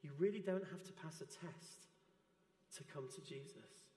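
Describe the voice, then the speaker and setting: A man preaching a sermon in a church, gentle and earnest. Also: fairly high pitch, moderate pace, reverberant, in a large hall. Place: church hall.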